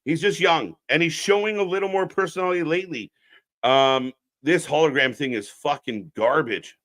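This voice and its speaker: A man's voice: a little high, moderate pace, a bit bright. A man hosting a live wrestling watch-along stream, riffing bluntly and sarcastically with lots of swearing while talking to the chat. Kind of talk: unscripted live alternative commentary.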